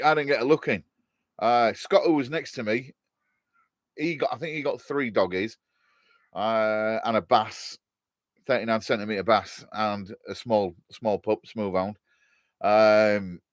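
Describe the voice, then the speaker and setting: On a live stream, a middle-aged man from Hull in East Yorkshire rambles jokily through viewer comments, laughing frequently. His mid-range voice comes through studio-quality with no echo.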